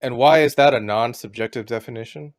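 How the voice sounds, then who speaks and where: A man's voice: mid-range voice, brisk, no echo. Male debate host, mid-range voice, blunt and fed up, dry close mic. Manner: blunt and exasperated, swears. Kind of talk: heated call-in debate.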